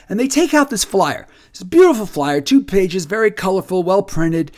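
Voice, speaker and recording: A man with a fairly high voice whose pitch swings widely. He talks in a casual, emphatic way and acts out other people's lines as he tells a story. When he gets excited, he repeats his words. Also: normal speed, few pauses. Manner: animated storyteller acting out quoted dialogue. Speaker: nonprofit leader. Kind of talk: casual video update.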